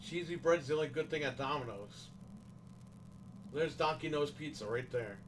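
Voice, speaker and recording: A man's voice: fairly high pitch, normal speed, far from the mic, a little hiss or hum, rough recording. Profane ranting New man. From New York, USA. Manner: profane, ranting, emphatic complaints. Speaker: livestream host. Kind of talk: casual livestream chat.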